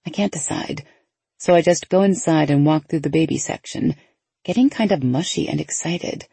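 Woman narrator with a gravelly, husky voice, chatty first-person read. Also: low voice, normal speed, dry recording. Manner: lively, conversational inner monologue. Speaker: audiobook narrator.

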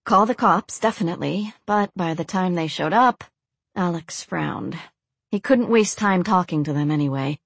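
Give me a woman narrating a dark story in a steady, even way. Her voice sits fairly low, and the recording is dry and close, with no room sound around it. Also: normal speed, vocal fry, husky, dry recording.

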